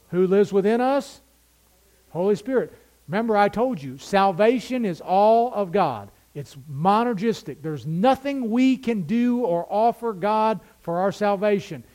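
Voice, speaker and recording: A man with a high voice preaching to his congregation. He teaches step by step and keeps asking his listeners questions. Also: darkish tone. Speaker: pastor. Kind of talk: sermon.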